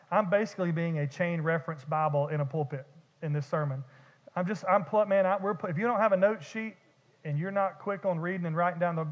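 A man preaching a sermon as pastor, talking in a conversational way that often repeats and restarts words. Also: a little high. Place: church sanctuary. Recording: dull lo-fi church recording with long reverb.

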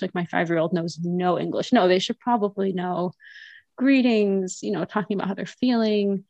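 A woman's voice: mid-range voice, moderate pace, gravelly, darkish tone, no echo, highs cut off. A woman in her thirties, a French teacher and mother, chatting animatedly as a podcast guest with many fillers. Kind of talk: casual conversational interview.

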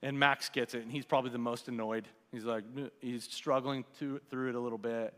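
A man in his forties delivers a casual, conversational sermon from a church. His voice sits at an ordinary middle pitch. A long reverb from the large hall trails after his words. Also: steady tone, a little fast. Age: 40s. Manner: conversational preaching, quieting for prayer. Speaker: pastor. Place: church sanctuary.

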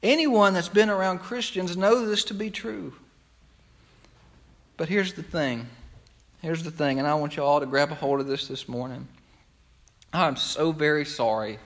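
A man's voice: on the high side, unhurried, long pauses, a bit bright. A male pastor preaching a sermon to his congregation, impassioned and conversational, often repeating his phrases. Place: church sanctuary.

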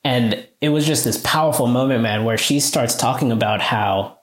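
A male teacher earnestly telling a story in a conversation, growing animated as he recounts a moving moment. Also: moderate pace, echoey room. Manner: earnest, animated, rises in pitch when moved. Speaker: high school teacher, guest.

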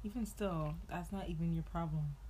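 A woman's voice: on the low side, moderate pace, warm tone, slight background noise. A young woman co-hosting a podcast, reacting in casual chat with short comments and questions. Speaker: podcast co-host.

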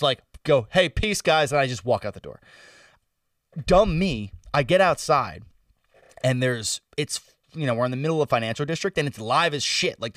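A young man with a slightly raised pitch rambles through a story in slang and profanity. He often sinks into low mumbles. The sound is dry and comes from a little way off the mic. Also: a bit bright, dry recording, recorded from a distance. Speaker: podcast co-host telling a story. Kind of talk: casual storytelling chat.

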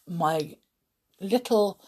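Slow, low-voiced woman storyteller. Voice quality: throat-clearing. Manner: gentle, chatty. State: slightly hoarse, frog in throat. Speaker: storyteller for children. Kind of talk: reading a story aloud.

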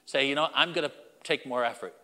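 A man's voice: mid-range voice, fast, sharp tone, long reverb tail. A man preaching a sermon as pastor, emphatic and repetitive, speaking directly to the congregation.

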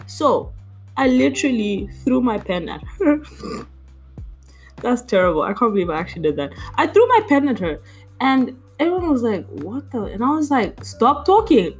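A young woman, a university student, telling annoyed stories in a casual chat, animated and exasperated, with lots of fillers. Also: fairly high pitch, breathy edge, poor audio. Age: young adult.

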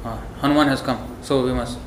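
A man's voice: medium pitch, fairly even intonation, fast talker. A man giving a devotional sermon in an emphatic, scolding, storytelling manner. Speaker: preacher. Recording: echoey room, faint background noise.

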